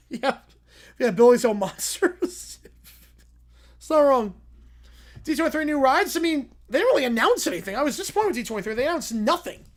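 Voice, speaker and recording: A young man hosting a casual livestream, answering viewer questions with quick reactions and frequent "yeah"s. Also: very high-pitched, lively intonation, a bit bright. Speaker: livestream host reading chat.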